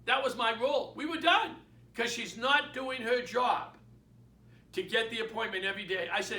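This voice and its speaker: Boston guy, realtor mentor, super high bright voice, keeps hammering his points, echoey and off mic. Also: moderate pace, distant mic. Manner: emphatic, storytelling, repeats key points. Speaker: real estate mentor and sales speaker. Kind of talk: motivational sales talk. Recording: echoey room, away from the mic.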